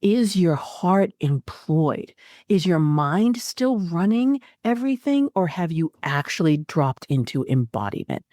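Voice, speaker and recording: Low-voiced woman astrology host. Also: unhurried, no echo, clean studio sound. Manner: expressive, with frequent fillers. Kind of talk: spiritual guidance talk.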